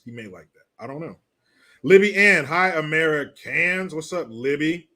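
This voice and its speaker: Joking man with a fairly high voice. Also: lively intonation, normal speed, a bit bright. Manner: joking, laughs between lines. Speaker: host. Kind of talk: casual commentary reading viewer messages.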